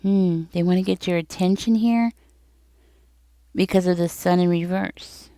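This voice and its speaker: In a casual tarot reading to camera, a woman addresses viewers conversationally, circling back over what she has said. Her voice is low, smooth and warm, delivered at a measured pace. It is recorded up close and dry, without room sound.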